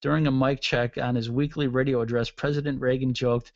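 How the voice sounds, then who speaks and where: A man's voice: medium pitch, flat delivery, fairly quick, no echo. A man in his thirties hosting a solo talk radio show, rambling through sarcastic, irreverent jokes. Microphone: studio mic with mixer. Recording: dull lo-fi dry sound.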